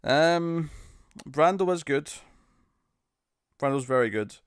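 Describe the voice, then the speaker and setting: A man's voice: on the high side, lively intonation, takes it slowly, clear, resonant tone, no echo, clean studio sound. A man with a British accent hosting a casual live stream, answering chat questions in a loose, jokey way and often laughing. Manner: laughing, jokey, attempts bad celebrity impressions. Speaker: streamer host.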